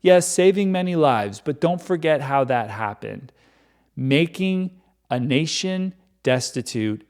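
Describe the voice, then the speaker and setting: A man's voice: on the high side, lively intonation, slow, darkish tone. A man reading scripture aloud and adding irreverent, sarcastic commentary.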